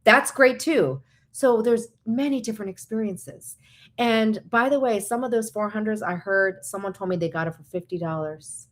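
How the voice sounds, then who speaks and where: A woman vlogger giving casual, encouraging and practical advice, chatty with quick asides. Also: mid-range voice. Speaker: vlogger host.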